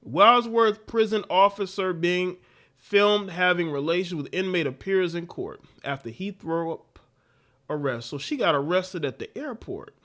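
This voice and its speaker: A man hosts a casual livestream, talking over clips in an animated, repetitive rant. His voice sits a little high for a man, and he often drops to a quieter mutter between bursts. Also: unhurried. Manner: animated, repetitive ranting with laughs. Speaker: livestream host.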